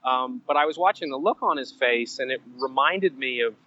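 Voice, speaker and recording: A man telling stories as a podcast guest, animated and self-mocking, drifting into side stories. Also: mid-range voice, normal speed, dull audio. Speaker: guest writer. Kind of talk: conversational storytelling.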